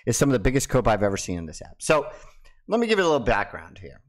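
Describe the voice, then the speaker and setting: A man's voice: medium pitch, big pitch swings, quick pace. A man hosting his own video, talking casually and ranting in a mocking way. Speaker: crypto video host. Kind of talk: casual monologue to camera.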